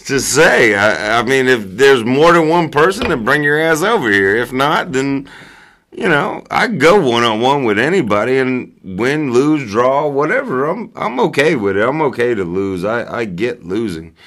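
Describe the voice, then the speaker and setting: A man telling a story in a casual chat, animated and profane, often laughing. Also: mid-range voice, normal speed. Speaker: storyteller among friends.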